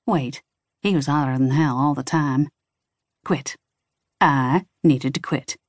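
A woman's voice: low voice, no echo. A woman narrating a paranormal romance audiobook in the first person, with a wry, sardonic delivery on a close studio mic.

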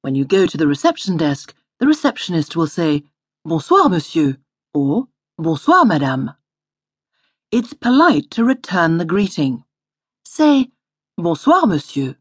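A woman instructor reading a scripted audio language lesson in a studio, slowly modelling each word to repeat. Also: lowish voice, very animated, a little mellow, slightly rough, dry recording. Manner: patient, slow model pronunciation.

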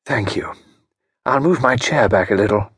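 A man voicing a pale young woman with a low, murmuring voice in an audiobook. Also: moderate pace, a bit bright, breathy edge, no room sound, clean studio sound. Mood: subdued.

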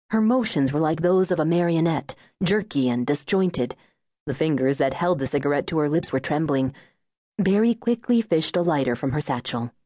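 Low-voiced woman audiobook narrator. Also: dark tone, no room sound, clean studio sound. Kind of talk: scripted narration.

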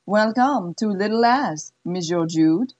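A woman's voice: mid-range voice, expressive, slow pace, a little mellow, highs cut off. A woman voicing a haughty middle-aged French-Canadian brothel madam with a put-on French accent, cool and commanding.

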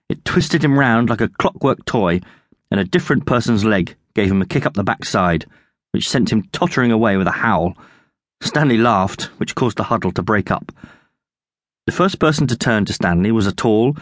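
A man narrating his own children's adventure book with lively, expressive storytelling. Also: fairly low pitch, dry recording, studio quality. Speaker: audiobook narrator and author.

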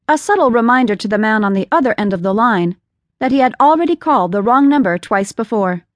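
A woman reading an audiobook novel in steady, measured narration. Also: medium pitch, dry recording, clean studio sound. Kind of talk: scripted narration.

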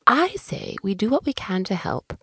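A woman voicing a kind, helpful fluffy female cat, soft and agreeable, in a children's audiobook. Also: medium pitch, sing-song, moderate pace, husky, no room sound, studio quality.

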